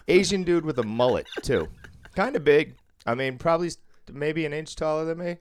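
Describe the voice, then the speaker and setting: A man's voice: on the high side, lively intonation, a little fast. A man from the Boston suburbs telling a story in casual chat, acting out quotes and swearing freely. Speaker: podcast co-host, casino worker.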